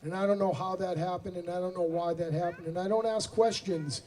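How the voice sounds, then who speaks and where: A man's voice: sits high, steady tone, brisk, a little mellow. A man in his forties with a Boston accent, joking between songs as a singer-songwriter at an outdoor concert. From Boston area, USA. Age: 40s. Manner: self-deprecating joking. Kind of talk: stage banter at outdoor concert. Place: outdoor amphitheater stage. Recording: distant PA sound with music.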